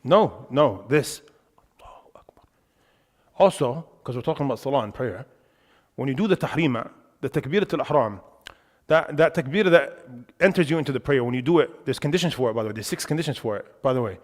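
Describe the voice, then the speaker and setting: In a reverberant mosque hall, a young religious teacher lectures on worship at a fast clip and a medium pitch. His delivery is animated and emphatic yet conversational, peppered with frequent filler words.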